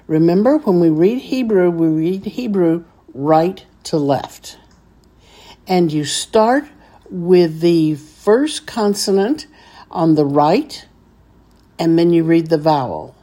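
A woman's voice: fairly low pitch, lively intonation, takes it slowly, dark tone. A woman teaching a beginners' Hebrew reading lesson, patiently sounding out each syllable step by step.

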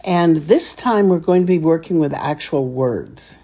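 A woman's voice: sits low, lively intonation, unhurried, creaky, warm tone. A woman teaching a beginners' Hebrew reading lesson, patiently sounding out each syllable step by step.

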